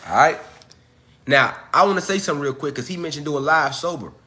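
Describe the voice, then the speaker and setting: A man's voice: on the high side, a little fast, pushed and bright, soft background music. A man hosting a casual livestream at home, talking straight to his viewers in loose slang, with a cough as he gets over an illness. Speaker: livestream host.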